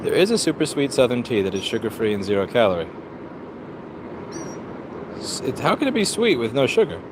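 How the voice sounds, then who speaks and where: A man's voice: medium pitch, very animated, brisk, noisy background. A man hosting a casual driving vlog, ranting bluntly and sarcastically with lots of swearing while demonstrating a car door. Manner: blunt, profane, sarcastic rant. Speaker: vlog host. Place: in and around a car outdoors.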